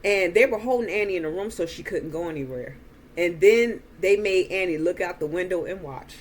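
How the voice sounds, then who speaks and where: Slow-talking woman recapping a movie. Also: lowish voice, slight background noise. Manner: slow, chatty retelling with quoted dialogue. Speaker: movie reviewer.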